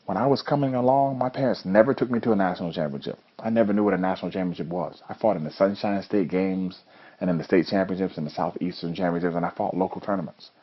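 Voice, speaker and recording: Brief: very low, husky male coach telling stories earnestly in a motivational talk, dull lo-fi recording. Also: fast talker. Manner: earnest storytelling. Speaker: judo coach and host. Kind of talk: motivational monologue.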